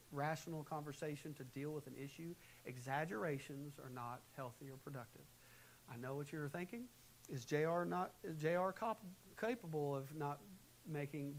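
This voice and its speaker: Preacher, male, mid-high voice, animated delivery with loud bursts, live church tape with faint hiss. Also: low-quality recording. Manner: animated, swings between quiet and loud, acts out quoted arguments. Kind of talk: sermon. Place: church sanctuary.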